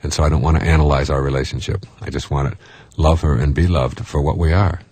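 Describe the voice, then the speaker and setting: A man's voice: a bass voice, steady tone, fast, darkish tone, breathy edge, dry recording. A man giving a motivational talk in a conversational way, often chuckling and acting out the voices of people he quotes. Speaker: self-help speaker.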